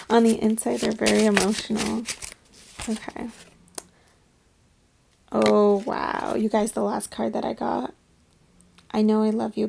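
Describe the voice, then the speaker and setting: Chatty tarot-reading woman with a gravelly voice. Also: on the high side, noisy background. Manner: chatty, addresses viewers as "my loves" and "you guys". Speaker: tarot reader. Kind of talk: casual tarot reading to viewers.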